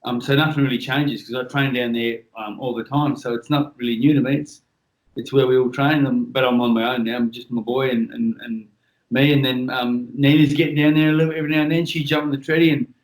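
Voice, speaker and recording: A man's voice: mid-range voice, little pitch movement, fairly quick, reverberant, rough recording. A man from Western Australia with an Australian accent, chatting casually on a podcast as a guest, blunt and swearing freely. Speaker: guest, former world boxing champion.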